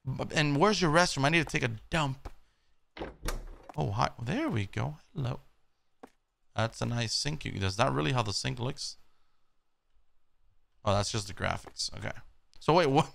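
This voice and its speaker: A man's voice: medium pitch, lively intonation, unhurried, creaky, pauses often, a bit bright. A young man playing a horror game, reacting with nervous jokes, swearing and startled outbursts. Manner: jumpy, swearing, nervous joking. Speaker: gaming YouTuber. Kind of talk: horror game let's play commentary.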